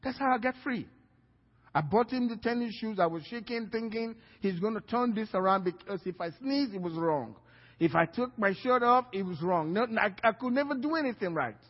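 A man's voice: high voice, expressive, normal speed, big-room sound, highs cut off. A male pastor telling a personal story in a sermon, acting out the dialogue and often repeating his words. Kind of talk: sermon testimony.

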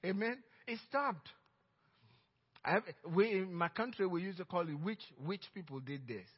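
A middle-aged man with a Nigerian accent preaching a sermon as pastor, telling stories emphatically and swinging between loud outbursts and hushed asides. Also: high voice, normal speed, husky. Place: church sanctuary. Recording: dull reverberant church recording.

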